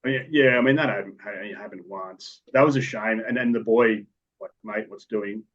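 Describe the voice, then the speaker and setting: Speaking a little fast at medium pitch, this Australian man is a police officer sharing work stories on a podcast interview. He rambles in a matter-of-fact way with restarts, and the lo-fi recording sounds dull.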